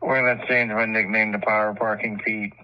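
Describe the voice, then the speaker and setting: A man's voice: on the low side, little pitch movement, fairly quick. A man cohosting a casual radio show who talks bluntly and swears heavily. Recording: dull lo-fi audio.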